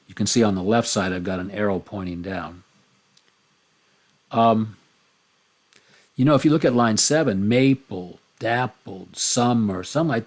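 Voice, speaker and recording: A man teaching a recorded lesson on a poem, reading and explaining it slowly and stressing single words one by one. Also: fairly low pitch, a little mellow, breathy edge. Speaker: poetry teacher.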